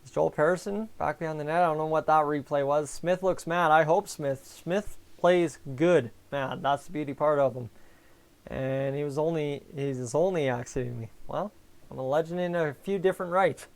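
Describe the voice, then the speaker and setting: Speaking at a moderate pace in a somewhat high, creaky voice, a young man runs a live fan stream through his headset mic. He offers casual commentary on the game and replies to viewers by name in chat.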